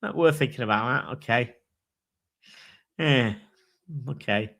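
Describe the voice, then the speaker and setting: This man speaks in a mid-range, fairly bright voice, taking it slowly with long pauses. He's hosting a casual livestream chat, thinking aloud, swearing casually, and reading out watch specs and prices.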